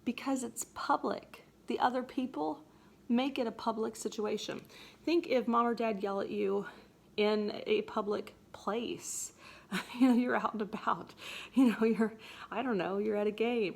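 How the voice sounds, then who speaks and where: In a medium-pitched voice with some vocal fry, a woman teacher casually explains a scene from a play. She's chatty and playful, acting out lines in different voices, like a relaxed literature lesson.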